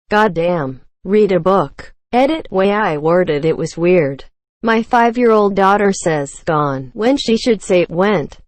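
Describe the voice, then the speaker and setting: A woman reading a string of forum comments aloud in an even, flat read. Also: mid-range voice, measured pace, no echo. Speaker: narrator reading forum posts.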